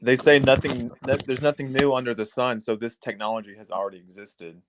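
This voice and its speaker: A man hosting a casual livestream chat, talking in animated bursts that swing from loud to soft. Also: mid-range voice, brisk, a little hiss or hum, poor audio. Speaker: livestream host.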